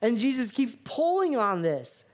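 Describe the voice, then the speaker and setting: A man preaching a sermon as a pastor, animated, acting out dialogue with playful asides. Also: extremely high pitch, unhurried.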